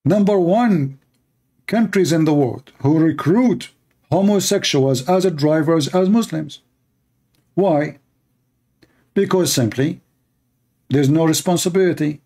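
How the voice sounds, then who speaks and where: Man, fairly high voice, sarcastic, mocking, emphatic, non-native english grammar, casual monologue. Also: a little mellow, husky. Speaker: online commentator answering questions. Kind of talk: casual monologue answering viewer questions.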